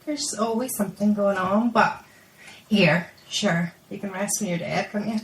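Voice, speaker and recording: A woman co-hosting a podcast in casual chat, telling stories and teasing in an animated way. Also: medium pitch, moderate pace, echoey room, slight background noise, low-quality recording. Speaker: podcast co-host.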